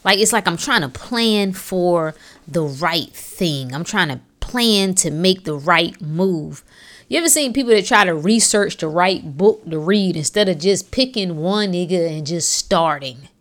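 A woman's voice: on the low side, expressive, measured pace. Slangy woman hosting a motivational podcast. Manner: preachy, rhetorical questions, slangy. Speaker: podcast host. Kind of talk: casual motivational podcast talk.

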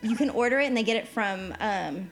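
Chatty woman telling a lively story. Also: fairly high pitch, fairly quick, faint music behind. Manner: lively storyteller who acts out quoted dialogue. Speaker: podcast co-host giving a trip report. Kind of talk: casual podcast chat.

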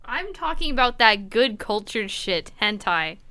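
A playful young woman chatting with friends on a podcast, laughing a lot. Her voice is fairly high and bright, with lively ups and downs in pitch. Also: unhurried. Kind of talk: casual chat.

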